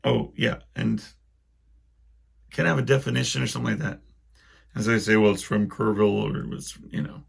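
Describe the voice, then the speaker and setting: Man, podcast host, casual solo rant, gravelly, husky, rambling, wry. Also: fairly low pitch, steady tone, fairly quick, long pauses. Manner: rambling, self-deprecating, wry complaints.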